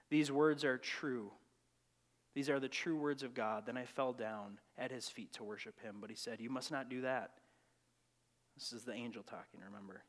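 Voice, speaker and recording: A man preaching a sermon, reading scripture with rising emphasis and then dropping into quiet reflection, in a church sanctuary. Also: mid-range voice. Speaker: pastor. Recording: long church reverb.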